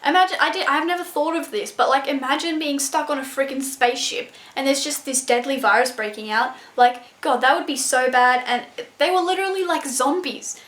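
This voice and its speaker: A young woman reviewing a book in a casual vlog, excitable and gushing, full of "like" and swearing. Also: high voice, a little fast, hardly any pauses. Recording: echoey room.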